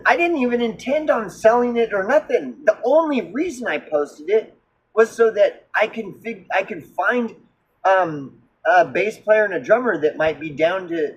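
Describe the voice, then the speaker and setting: A man with a high voice tells a rambling story as a musician, cursing freely and jumping between calm asides and excited outbursts. Faint noise sits under the recording. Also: rough recording. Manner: profane, animated, with frequent fillers and restarts. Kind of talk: casual storytelling monologue.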